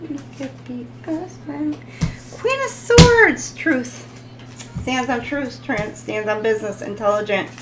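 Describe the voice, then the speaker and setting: A woman's voice: high-pitched, animated, slow, low-quality recording. A woman hosting a casual live tarot reading, chatting with viewers, laughing often and stumbling over foreign words. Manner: talks to viewers in the chat.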